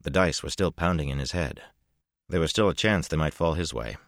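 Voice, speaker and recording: A man narrates a fantasy novel in a measured, even voice. His voice is extremely deep. The recording is dry and close. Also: vocal fry, no room sound. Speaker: audiobook narrator.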